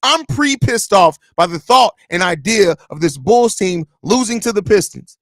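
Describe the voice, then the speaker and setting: A man's voice: sits high, expressive, normal speed, a bit bright, no echo, studio quality. A man hosting a sports pregame show, delivering a heated, profane rant with lots of repetition. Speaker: podcast host.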